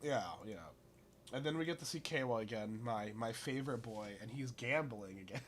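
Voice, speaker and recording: A man's voice: mid-range voice, fairly quick, a little hiss or hum. A man hosting a casual podcast chat while still getting his voice back after losing it, rambling with many restarts. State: recovering from lost voice. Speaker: podcast host.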